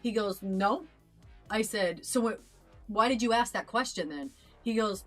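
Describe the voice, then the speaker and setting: A woman's voice: mid-range voice, a little slow, faint music behind. A young adult woman co-hosting a reaction show, telling a personal story in an earnest, chatty way with lots of fillers and restarts. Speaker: reaction channel co-host. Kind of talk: casual chat.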